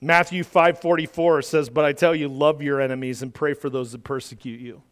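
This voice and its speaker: A man preaching a sermon in an animated way, acting out the voices in the scripture he quotes. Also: on the high side, a little fast, in a large hall. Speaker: pastor.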